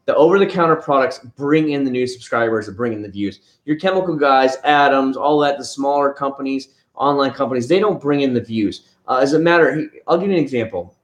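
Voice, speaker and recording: A man hosting a casual late-night livestream, answering viewers in a rambling, plainspoken way with halting restarts. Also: medium pitch. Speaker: livestream host reviewing car-care products. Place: home room with a young child nearby. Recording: echoey room with background noise. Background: noise, a child crying at times.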